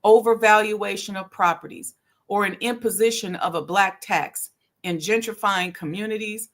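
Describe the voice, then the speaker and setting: With a medium-pitched, fairly bright voice, a middle-aged channel host and historic preservation consultant leads a history talk show. She lectures casually and a bit preachily, laughs a lot, and drops into slang.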